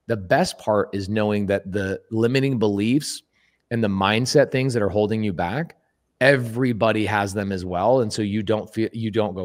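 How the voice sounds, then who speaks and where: A man talking as a guest on a podcast, emphatic and animated, who acts out quoted speech and repeats words for emphasis. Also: fairly low pitch, moderate pace. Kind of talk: casual podcast conversation.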